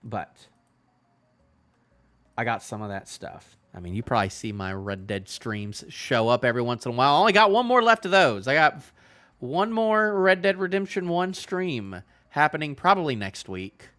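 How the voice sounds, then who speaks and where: A man with a bright, forceful voice at an ordinary middle pitch talks through a reaction in loose, casual commentary. He rambles, leans on "you know" constantly, and lets many sentences trail off in a low-key mumble. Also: expressive, normal speed. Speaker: manga reaction channel host.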